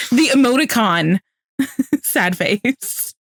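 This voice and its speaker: High, giggly young woman co-host. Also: breathy edge, no echo, studio quality. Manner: giggly, recounts group chats with quoted lines. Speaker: podcast co-host. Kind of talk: casual chat.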